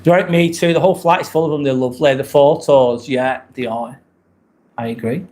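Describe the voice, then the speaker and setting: A man's voice: medium pitch, fairly even intonation, moderate pace, darkish tone. A man with an English accent hosting a casual live stream from an apartment, chatting and answering viewer comments as they come in. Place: rented apartment indoors.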